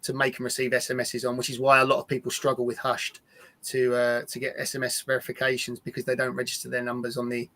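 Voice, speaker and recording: A man presenting a live-streamed software demo, talking casually and repeating words as he restarts sentences. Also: medium pitch, monotone, fast talker.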